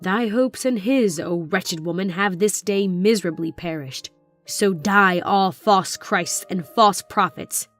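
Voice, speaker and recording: A woman's voice: mid-range voice, faint music behind. A woman reading aloud, voicing a fierce man who speaks in a harsh, scornful and savage tone. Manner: harsh, scornful, slow and loud.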